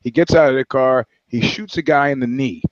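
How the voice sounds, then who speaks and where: Talking fairly quickly at a medium pitch, this man co-hosts a podcast with casual banter, telling profane stories and wandering through his anecdotes. The recording is dry and a little dull.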